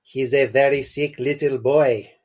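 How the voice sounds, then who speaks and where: A grave family doctor breaking bad news in a broad, wobbly mock French accent, played by a man reading a story. The accent is plainly put on and drifts as he goes. The delivery stays slow and serious. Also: medium pitch, steady tone, darkish tone, lightly acted. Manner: exaggerated, slipping accent.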